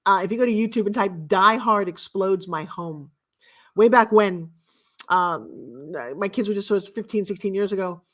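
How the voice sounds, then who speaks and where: A woman's voice: medium pitch, normal speed. A middle-aged woman giving a blunt, emphatic motivational talk as a guest speaker and mentor. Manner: blunt and emphatic, with sharp swings in loudness.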